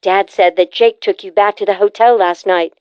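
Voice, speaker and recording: Brisk, pushy adult sister in an audiobook, voiced by the female narrator; slightly muffled, dull recording. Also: mid-range voice, steady tone, clean tone, no room sound, close to an everyday voice. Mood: breezy, insistent. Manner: pushy, bossy, teasing. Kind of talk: audiobook character voice.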